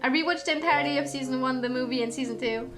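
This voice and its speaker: A woman's voice: high-pitched, very fast. A young woman streamer in casual chat, rambling and giggly, tearful over a fictional character. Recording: stream audio with music behind.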